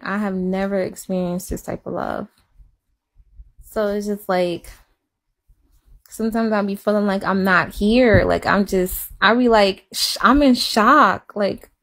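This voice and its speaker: A woman chatting casually and confessionally, rambling and repeating herself, sometimes dropping to a hush. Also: medium pitch, fairly even intonation, measured pace, creaky. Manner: rambling, repeats herself, soft and hushed at times. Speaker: live-stream chatter.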